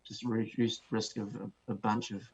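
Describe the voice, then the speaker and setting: In interview answers, a guest author with a New Zealand accent talks through his ideas, often using fillers and starting over. His voice sits lowish and flat, at a moderate pace, and the lo-fi recording is dull with faint noise.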